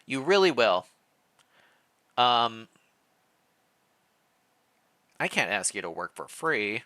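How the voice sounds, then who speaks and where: A man's voice: medium pitch, very animated, unhurried, sharp tone, no room sound. A man voicing a polite young woman who is a new schoolteacher, in his own plain friendly voice.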